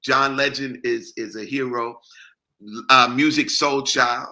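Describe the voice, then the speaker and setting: A man's voice: mid-range voice, steady tone, slow, pushed and bright. A young adult man from Texas with a Texan accent, a singer chatting in a laid-back way in an interview and breaking into soulful song. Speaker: singer and guest. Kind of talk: casual interview chat with sung snippets.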